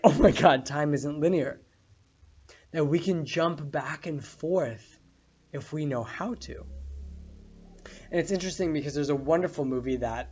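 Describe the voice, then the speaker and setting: A man giving a casual spoken meditation lesson, telling a story in a relaxed way with many fillers. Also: mid-range voice, lo-fi sound. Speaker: meditation course teacher.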